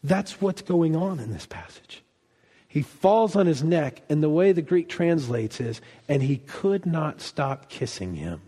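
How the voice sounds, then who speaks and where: A man preaching a sermon, telling a story with animated delivery and acting out quoted lines. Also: a little high, measured pace, slightly rough, in a large hall. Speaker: pastor.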